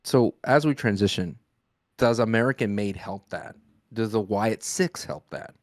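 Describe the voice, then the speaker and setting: A man co-hosting a wrestling podcast, chatting casually and telling stories with a joking, relaxed manner. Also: fairly low pitch, a little slow, dry recording, studio quality. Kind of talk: casual chat.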